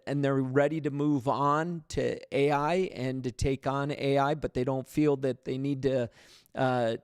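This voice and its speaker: A man pastor teaching a livestreamed Bible study in a conversational way, with fillers and restarts, his pitch rising for emphasis. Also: a little mellow, no room sound, studio quality.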